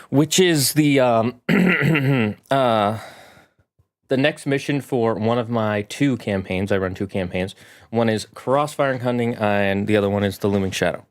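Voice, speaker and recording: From his home room, a game master with a mid-range voice chats casually on his live stream, offering showy greetings and chatty asides.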